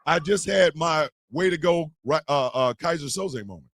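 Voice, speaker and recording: A man hosting a live streamed talk show, talking loudly and animatedly, often shouting and laughing. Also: a little high, moderate pace, heavy background noise.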